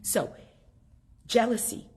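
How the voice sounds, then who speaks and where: A woman teaching a class, telling a story and asking her students questions in a lively way. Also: slow pace.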